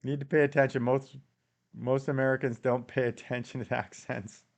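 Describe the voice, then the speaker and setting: A man's voice: medium pitch, level tone, moderate pace, creaky. A man with a Canadian accent hosting a casual live stream, reading viewer comments aloud and answering them with frequent chuckles.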